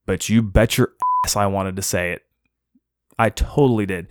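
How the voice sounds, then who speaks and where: A young man with a fairly low voice tells a story in a casual podcast chat. He is animated and self-mocking, slipping into the voices of the people he quotes. The sound is dry and close. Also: normal speed, no echo. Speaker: podcast co-host telling a story.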